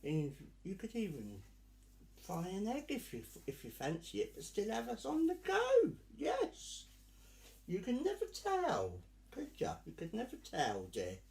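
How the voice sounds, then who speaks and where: A man performing as a drag act speaks to his online audience in a campy, theatrical way. His pitch leaps all over the place while he keeps an unhurried, drawn-out pace. The room around him rings with echo. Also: huge pitch swings, creaky, darkish tone. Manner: camp, theatrical, calls listeners dear and darling. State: sweltering in costume. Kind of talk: live virtual Pride stage address.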